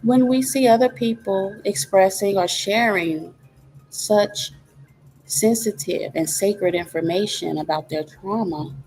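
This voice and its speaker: A woman hosting a reflective wellness talk, calmly teaching and walking through steps with rhetorical questions. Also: mid-range voice, slight background noise. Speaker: host.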